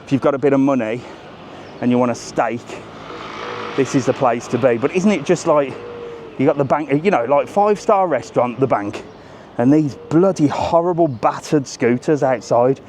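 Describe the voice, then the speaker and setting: A man walks and talks on a live vlog, chatty and cheeky, addressing his viewers directly. His voice sits at an ordinary middle pitch. It is recorded outdoors on a handheld mic, with faint street and traffic noise behind him. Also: moderate pace, a little mellow. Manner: chatty, cheeky, talks straight to viewers and reads their messages. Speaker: travel vlogger on a live walking stream. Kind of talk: casual live-stream walking commentary.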